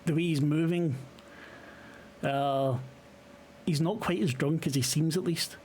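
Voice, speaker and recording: A man's voice: a little high, a little mellow, a little hiss or hum. Scottish man narrating a tabletop game. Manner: halting, full of fillers, swears. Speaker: game master.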